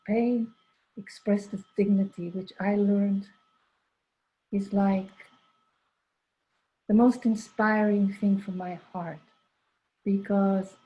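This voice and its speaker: An older woman telling a personal story in a rambling, conversational way, full of asides and quoted dialogue. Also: medium pitch. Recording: dull lo-fi recording.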